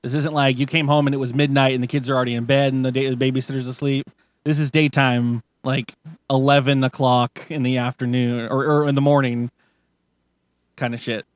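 A man's voice: medium pitch, flat delivery, fairly quick, dry recording. A man hosting a podcast, telling a story in a rambling, profane, casual way with many restarts. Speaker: podcast host. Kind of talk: casual chat, retelling a story.

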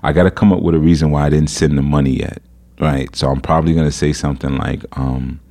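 Very deep-voiced man telling a story. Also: quick pace. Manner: animated, incredulous storytelling with laughs. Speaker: podcast host. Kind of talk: casual podcast monologue.

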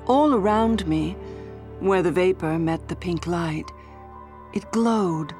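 A woman narrating a first-person story in a measured, expressive way. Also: on the low side. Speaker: audiobook narrator.

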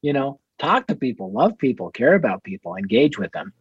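A man, a ministry leader as guest on a podcast interview, who tells energetic stories and acts out conversations. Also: medium pitch, fairly quick, slightly rough, no room sound, dull audio. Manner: energetic storyteller acting out conversations.

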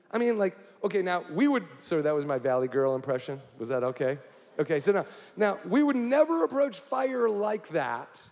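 A man's voice: sits high, sing-song, normal speed, darkish tone. Male pastor preaching in a reverberant hall. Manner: direct, asks the congregation questions. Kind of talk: sermon. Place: church hall.

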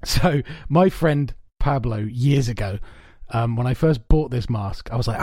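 A man co-hosting a podcast in casual chat, telling long stories in an animated, rambling way with lots of swearing. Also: mid-range voice, measured pace, dry recording. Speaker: podcast co-host. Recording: dry, soundproofed home room.

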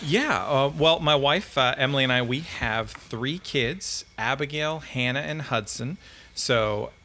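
A man's voice: medium pitch, measured pace, pushed and bright. A man in his thirties with a Canadian accent, a friendly, good-humored guest on a casual podcast interview.

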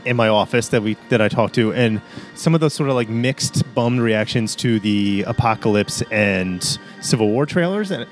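A man's voice: fairly low pitch, lively intonation, moderate pace, faint music behind. A man, ranting emphatically and profanely in casual chat.

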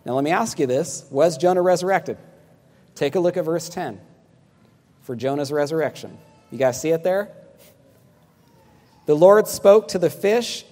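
A man's voice: a little high, darkish tone, long reverb tail. A man preaching a sermon to a congregation, emphatic and questioning, asking listeners to answer back. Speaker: pastor.

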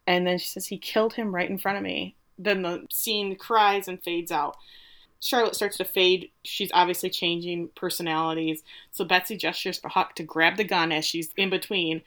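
A woman co-hosting a casual podcast, retelling a TV episode with lively quotes of the characters. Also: fairly low pitch, normal speed. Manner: animated retelling, quoting characters with playful voices. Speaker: podcast co-host recapping a TV episode. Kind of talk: casual chat.

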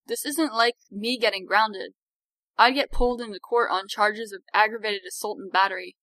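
A woman's voice: medium pitch, normal speed, sharp tone, no echo, rough recording. A woman voicing a sarcastic, principled young healer woman who lectures her sister. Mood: worried.

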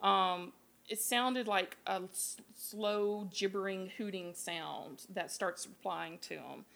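A woman spins a creepy tale on a live podcast, her telling loose, salty and full of animated quoted voices. She sits at a mid pitch and keeps it conversational. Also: slow, creaky. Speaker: podcast host. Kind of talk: casual storytelling. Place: live show at a beer garden.

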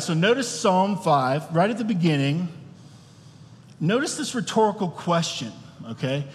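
A man preaching a sermon as pastor, talking in a conversational way and often checking in with the room. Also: fairly high pitch. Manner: conversational, asks the room questions. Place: church hall. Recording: long reverb of a church hall.

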